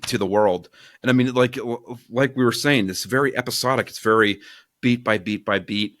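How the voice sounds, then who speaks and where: A man's voice: mid-range voice, moderate pace, fairly bright tone, no echo, clean studio sound. Crude, rambling man reviewing a book. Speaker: podcast co-host. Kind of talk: casual book review chat.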